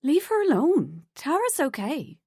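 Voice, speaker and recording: Woman doing a soft-voiced, principled coworker. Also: high-pitched, wildly swooping pitch, measured pace, no echo, clean studio sound, pitched above the performer's own voice, exaggerated voice. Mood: firm. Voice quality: soft, firm when angered. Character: softer-spoken loyal woman coworker.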